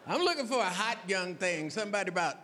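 An older woman doing a slow, dry stand-up routine. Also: mid-range voice, big pitch swings, fairly bright tone, a little hiss or hum. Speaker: stand-up comedian. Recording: echoey hall with audience.

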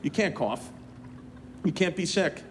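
A man's voice: high-pitched, expressive, unhurried, a little hiss or hum. A man closing a stand-up set in a crude, rambling, profane way. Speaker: stand-up comedian. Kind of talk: stand-up set and backstage banter.

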